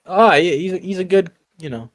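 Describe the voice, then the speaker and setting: A young man co-hosting a podcast in casual chat, loud and joking, swearing and bursting into silly high voices. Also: fairly quick, no room sound. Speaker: podcast co-host.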